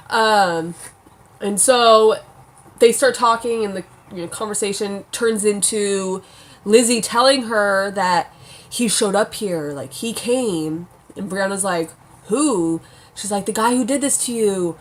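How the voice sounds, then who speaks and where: A young woman chatting casually at home, reviewing a TV episode, saying "like" a lot and swearing now and then. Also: mid-range voice. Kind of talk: casual chat.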